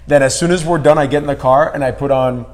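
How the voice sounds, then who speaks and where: A man's voice: mid-range voice, fairly even intonation, darkish tone, long reverb tail. A man hosting an interview podcast, chatting eagerly and drifting into tangents. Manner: quick, eager, prone to digressions and restarts. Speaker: podcast host. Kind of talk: casual interview chat.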